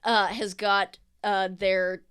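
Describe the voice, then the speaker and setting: A woman's voice: medium pitch, flat delivery, slow, fairly bright tone, smooth. A woman narrating a tabletop game as game master. She rambles, breaks off mid-sentence and puts on voices for the characters.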